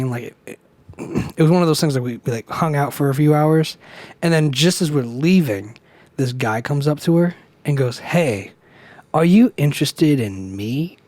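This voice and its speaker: A man's voice: fairly high pitch, a little mellow, no echo. A young man co-hosting a casual podcast, telling a rambling story, swearing freely and acting out the people he quotes. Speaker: podcast co-host. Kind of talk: casual chat.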